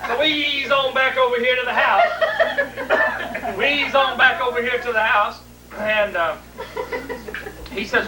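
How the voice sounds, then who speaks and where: A woman telling a long humorous story to a live audience in a folksy, drawn-out way. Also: fairly high pitch, lively intonation. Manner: folksy, drawn-out, vivid retelling. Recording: distant, roomy, noisy 1980s video recording.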